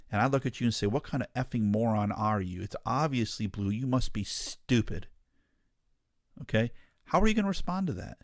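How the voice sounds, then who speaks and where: A man's voice: on the low side, vocal fry, dry recording, clean studio sound. A man hosting a ministry talk show, giving an earnest, emphatic monologue straight to his listeners. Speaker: ministry podcast host. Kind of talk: impassioned monologue.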